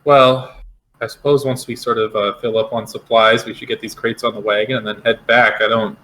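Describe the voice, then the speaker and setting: A man's voice: on the low side, flat delivery, brisk, fairly bright tone, slight background noise, low-quality recording. A man playing in a tabletop game who thinks aloud, hedging with "I suppose" and "sort of". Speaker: player.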